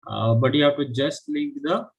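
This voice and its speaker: A man's voice: a little high, moderate pace, gravelly, poor audio. A man teaching a live online finance class, explaining step by step and often checking with "right?". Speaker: finance instructor.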